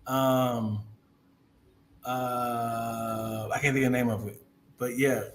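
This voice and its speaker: A man co-hosting a casual podcast, halting and searching for words, then excited. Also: mid-range voice, slight background noise. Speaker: podcast co-host. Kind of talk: casual chat.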